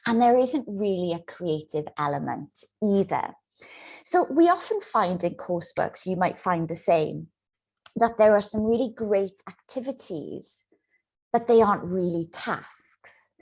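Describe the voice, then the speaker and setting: A woman presenting a teaching webinar over a video call, explaining in a clear, steady way. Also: mid-range voice, unhurried. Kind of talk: webinar presentation and demo dialogue.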